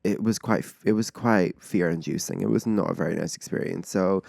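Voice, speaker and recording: A man in his twenties hosting a podcast, telling a story in an animated, chatty way full of filler words. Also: deep voice, fairly quick, vocal fry, dry recording, studio quality. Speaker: podcast host. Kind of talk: casual storytelling chat.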